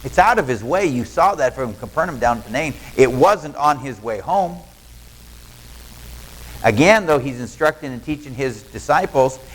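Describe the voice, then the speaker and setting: A man's voice: medium pitch, animated, moderate pace, low-quality recording. A male pastor, preaching a sermon in a folksy storytelling way and acting out what people in the story say. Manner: folksy storytelling, acts out quoted lines.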